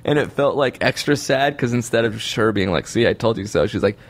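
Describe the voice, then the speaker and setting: A man's voice: mid-range voice, brisk. A young man in casual chat, rambling and self-deprecating, laughing often as he talks.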